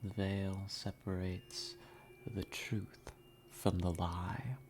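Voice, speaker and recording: A man voicing an ominous unseen male figure in a breathy whisper, slow and drawn out, as whispered role-play. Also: deep voice, little pitch movement, a little mellow, a little hiss or hum, full character voice.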